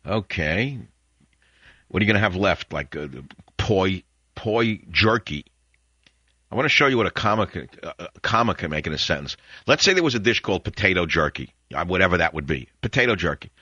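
A man's voice: low-pitched, sing-song, quick pace, sharp tone, husky, no room sound, highs cut off. Older man rambling on talk radio. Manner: rambling, reflective, wry asides. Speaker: radio talk show host. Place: radio studio.

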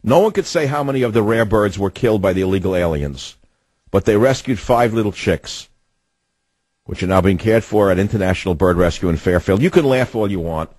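A man's voice: fairly low pitch, expressive, a little fast, darkish tone, husky, no room sound. A man hosting a talk radio show, delivering an indignant, ranting monologue with sardonic asides.

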